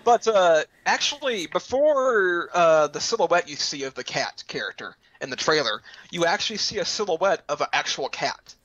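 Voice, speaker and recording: Animated bright-voiced man, lo-fi sound. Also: a little high. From Texas. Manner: animated, breaks into quick silly voice impressions. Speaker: host of a gaming roundtable stream. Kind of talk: casual chat. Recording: lo-fi dull sound.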